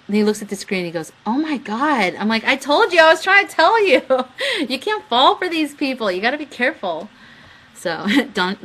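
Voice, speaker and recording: A young woman hosts her own live webcam show, talking loosely to her viewers. She giggles often, reads chat messages out, and slips into quick quoted voices when retelling a story. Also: medium pitch, a bit bright. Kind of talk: casual live-stream chat.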